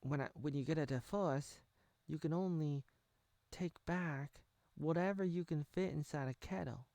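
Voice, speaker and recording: A man's voice: on the high side, moderate pace, a little mellow, no room sound, pitched above the performer's own voice, close to an everyday voice. A broke ex-duchess whines about her divorce and her empty purse, as a man puts her on, in a voice pushed well above his own. She rambles from one complaint to the next, dry and close to the mic. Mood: complaining.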